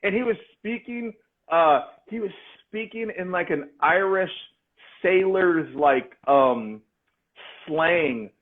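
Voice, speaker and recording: A man co-hosting a casual chat, excitable and slangy, swearing often. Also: sits high, slow. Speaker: podcast co-host. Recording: tinny phone-like sound.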